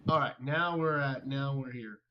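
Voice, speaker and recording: A man's voice: mid-range voice, normal speed. A man in casual commentary mode, chatty and teasing as he calls plays. His voice sits in a middle register. The sound is dull and lo-fi. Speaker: host and commentator. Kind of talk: casual game commentary and interviews.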